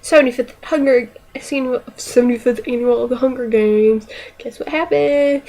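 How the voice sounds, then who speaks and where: A woman's voice: high-pitched, steady tone, normal speed, dark tone. A young woman chatting casually about books for her vlog, playful and now and then dropping into a whisper. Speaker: book vlogger.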